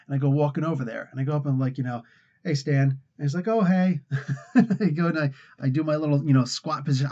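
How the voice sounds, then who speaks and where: A man's voice: medium pitch, lo-fi sound. An American man hosting a comic culture channel, telling a rambling casual story and acting out the quotes with laughs. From United States. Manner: rambling, animated retelling with acted-out quotes and laughs.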